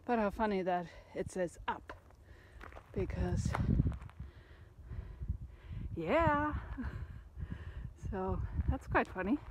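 A woman vlogging while hiking uphill on a desert trail, chatty and enthusiastic, a bit out of breath, sometimes dropping to a near-whisper. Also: medium pitch. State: out of breath from climbing. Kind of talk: casual hiking vlog narration. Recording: windy outdoor handheld recording. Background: wind noise.

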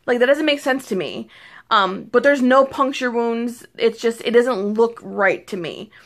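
A young woman talks casually to her viewers from home, her voice sitting a little high. She rambles excitedly, restarting sentences and filling gaps with ums and likes. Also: a little slow. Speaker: beauty vlogger. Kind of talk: casual chat to camera. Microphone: phone or camera mic.

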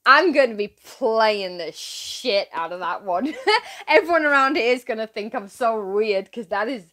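Young woman from England, higher voice, swoops around a lot, giggly and rambling reaction host. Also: lively intonation, unhurried, fairly bright tone. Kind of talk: casual reaction chat.

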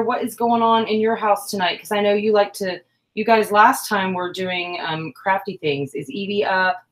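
A woman hosting a casual crafting livestream who chats with viewers, counts stitches aloud and jokes about her own mistakes. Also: lowish voice. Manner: self-deprecating, chatty, counts stitches aloud.

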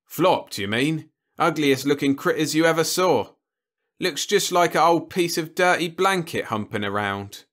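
A man's voice: on the high side, lively intonation, unhurried, a bit bright, pitched above the performer's own voice. A man doing a chatty, frontier farmer. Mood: boastful. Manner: chatty, boastful, folksy. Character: talkative, cheerful male frontier farmer. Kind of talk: audiobook character voice.

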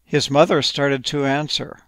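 A man gently narrating a playful, whimsical bedtime story. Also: medium pitch, little pitch movement, measured pace, no echo.

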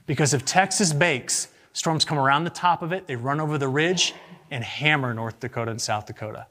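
A man, an agricultural meteorologist, giving a lively, joking slide presentation to farmers and asking the audience rhetorical questions. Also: a little high, a little fast.

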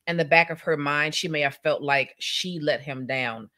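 A woman discussing a novel on a casual live book club podcast, agreeable and quick to chime in. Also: low-pitched, pushed and bright. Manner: agreeable, often chiming in with "yeah" and "mm-hmm".

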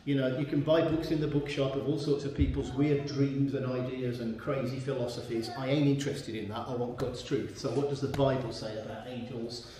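A man's voice: medium pitch, level tone, brisk, few pauses, mellow. A man preaching a sermon in a church and reading from the Bible, emphatic and repeating his key points. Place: church hall. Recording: very echoey room.

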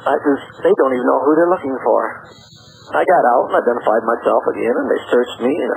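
A man's voice: mid-range voice, fast talker, creaky, rough recording. A middle-aged man, a radio interview guest, telling his story in plain words and acting out what people said. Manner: plain-spoken, acts out quoted dialogue with rising excitement.

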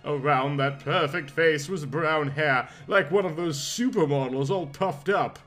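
A man's voice: on the high side, unhurried, fairly bright tone, soft background music. A man reading a comic parody story aloud in a melodramatic, mock-passionate narration.

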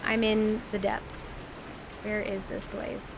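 A woman's voice: medium pitch, level tone, slow, gravelly, heavy background noise. A woman streamer chatting to her viewers as she plays, shrieking when enemies jump out. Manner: talks to viewers in chat. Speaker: game streamer. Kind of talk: live gameplay commentary.

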